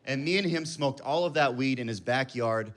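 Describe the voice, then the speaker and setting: A man's voice: medium pitch, moderate pace, a bit bright. A man in his thirties telling a rambling, self-mocking story as a stand-up comedian on a club stage. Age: 30s.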